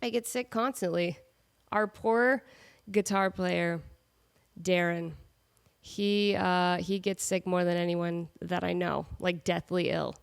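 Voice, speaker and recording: A woman in her thirties hosts a casual solo podcast from home with her cat, chatty and self-mocking, drifting into rambling asides. Her voice is nasal from a cold, lowish and creaky, yet clean in tone, and she speaks slowly and steadily.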